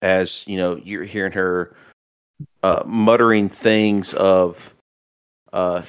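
A man acting as game master, narrating a tabletop horror game with halting, searching descriptions. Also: sits low, flat delivery, clear, resonant tone.

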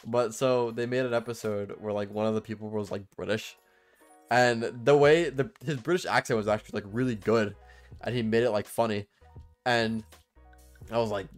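A man's voice: fairly low pitch, steady tone, normal speed, soft background music. A young man co-hosting a podcast, chatting casually in a rambling, profane way with lots of fillers. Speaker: podcast co-host. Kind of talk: casual chat.

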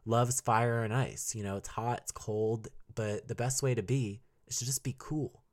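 A man's voice: mid-range voice, fairly even intonation, measured pace. A young man hosting a casual solo podcast, chatting and rambling as he reviews songs, laughing often and singing bits of lyrics. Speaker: podcast host reviewing albums.

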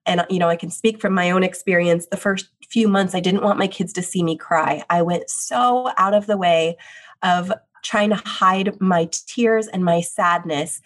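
A children's book author and widowed mother gives heartfelt interview answers, speaking earnestly and openly. Her fairly low voice moves at a moderate pace, and she keeps coming back to phrases like "the reality is."

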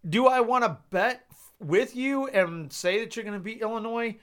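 A man's voice: high-pitched, moderate pace, a bit bright, clean tone. A young man hosting a podcast, making casual football picks in a rambling, exasperated way with casual swearing. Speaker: podcast host. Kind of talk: casual sports picks monologue.

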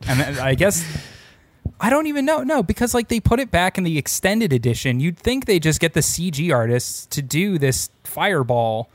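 A man's voice: fairly high pitch, big pitch swings, normal speed, no room sound. A man in casual conversation, retelling movie scenes and putting on silly voices for characters.

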